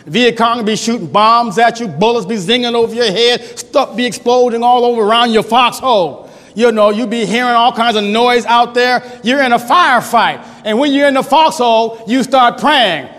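A male pastor preaching a sermon in a church, swinging between loud, emphatic shouting and low, quiet passages. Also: normal speed. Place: church sanctuary. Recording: long hall reverb.

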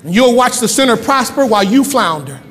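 High-voiced preaching man in a reverberant church. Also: very animated, a little fast. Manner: preaching, rising to shouts. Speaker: pastor. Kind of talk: sermon. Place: church sanctuary.

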